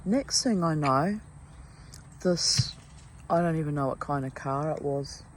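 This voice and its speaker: A woman's voice: low voice, unhurried, slight background noise, low-quality recording. A middle-aged woman telling a story casually and with animation, cursing freely and restarting her sentences. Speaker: vlogger.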